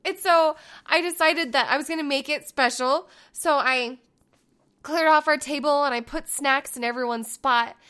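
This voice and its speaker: High-pitched mom in her 30s chatting on a podcast, acts out everyone's voices, super animated. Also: moderate pace. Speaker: podcast co-host. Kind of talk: casual chat.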